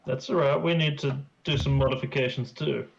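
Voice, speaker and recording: A man's voice: mid-range voice, fairly even intonation, a little fast, vocal fry. A man playing in a tabletop game, talking in a laid-back, direct way. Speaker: player. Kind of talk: casual chat. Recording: dull muffled mic, faint noise.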